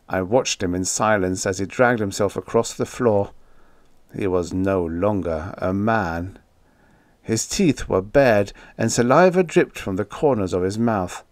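A man giving a dramatic horror audiobook narration, measured and building dread. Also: lowish voice, darkish tone, no echo.

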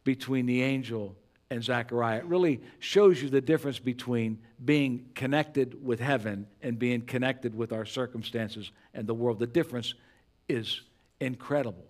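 An older pastor in his sixties delivering a sermon in church, earnest and conversational, dropping soft and low then rising loud for emphasis. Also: moderate pace. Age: 60s. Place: church sanctuary.

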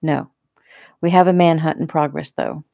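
A gentle male police officer who speaks softly and apologetically, voiced by a woman reading her own book. The voice is low and a little gravelly, recorded close and dry. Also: steady tone, moderate pace, no echo. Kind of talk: audiobook reading.

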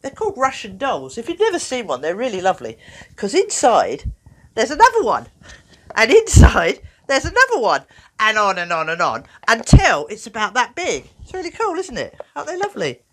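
A woman talks to children in a bouncy, animated way, her pitch climbing and dipping all over the place. She sounds playful and encouraging, like a presenter explaining feelings to a class. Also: normal speed. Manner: animated, playful, acts out little voices. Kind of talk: talking to children in an educational video.

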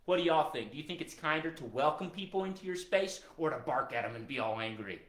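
A man's voice: a little high, animated, fast, hardly any pauses, fairly bright tone. Cheerful man hosting a kids' show. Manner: cheerful, addresses children directly. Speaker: children's musician and show host. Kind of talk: upbeat live kids' show talk. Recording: roomy echo, faint guitar.

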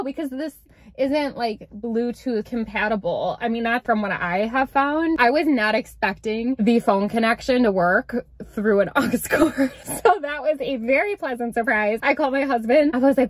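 A young woman chatting casually in a vlog from inside her parked car, bubbly and gushing, quick to get emotional. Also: fairly high pitch, animated, dry recording. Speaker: vlogger.

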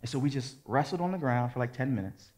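A man in his forties, a pastor preaching, telling a lively personal story and acting out what people said. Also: mid-range voice, fast talker. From American suburbs. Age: 40s. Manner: lively storyteller, acts out quotes and gets loud at the climax. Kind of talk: sermon with a storytelling anecdote.

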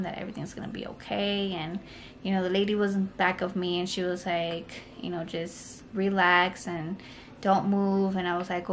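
A woman's voice: fairly low pitch, a little hiss or hum. A young woman telling a personal story to camera in a casual vlog, rambling and full of "like" and "you know". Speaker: vlogger.

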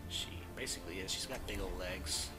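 A man's voice: deep voice, a little fast. A man casually explaining a game as he plays, with a dry, self-deprecating humor. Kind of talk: casual commentary over gameplay. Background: game music and sounds.

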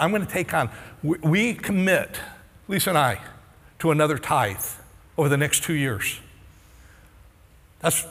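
A man's voice: fairly high pitch, expressive, normal speed, pauses often, a bit bright, husky. A middle-aged male pastor preaching a sermon, telling a personal story and earnestly pleading with his congregation. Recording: long reverb of a large hall.

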